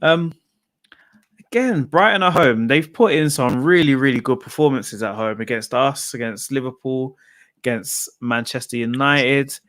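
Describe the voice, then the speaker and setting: A man's voice: mid-range voice, moderate pace, a bit bright, dry recording. A man hosting a casual football chat, chatty and laughing as he reads out viewers' predictions. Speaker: football podcast host.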